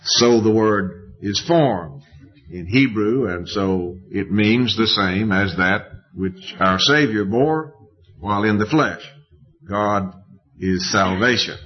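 A man preaching a sermon in a slow, deliberate way with emphatic rises. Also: on the low side. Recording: dull lo-fi recording.

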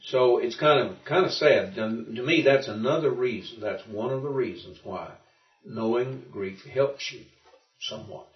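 A medium-pitched man speaking at ordinary speed gives a Greek lesson in a casual classroom setting. His explanations are patient and thought out aloud, full of restarts. The audio is distant, muffled, and roomy.

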